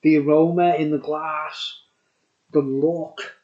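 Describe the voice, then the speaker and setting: Male beer vlogger, higher-pitched voice, rambling and excited, dull lo-fi sound. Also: unhurried, pauses often. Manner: chatty, enthusiastic, rambling with laughs. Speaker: beer reviewer. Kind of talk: casual review vlog. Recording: dull lo-fi recording.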